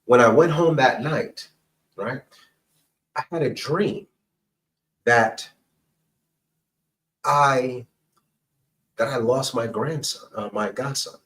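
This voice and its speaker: A man's voice: medium pitch, takes it slowly, pauses often, fairly bright tone, distant mic, poor audio. A middle-aged man, a counselor and pastor, telling a personal story to a podcast host in an earnest, emphatic way, often checking in with "right?" and "okay?". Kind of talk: candid personal storytelling in an interview.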